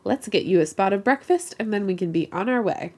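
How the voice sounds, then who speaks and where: A woman's voice: mid-range voice, lively intonation, fairly quick, darkish tone. Snake, a woman putting on a blustering male pirate captain. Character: swaggering male vampire pirate captain, bossy and whiny.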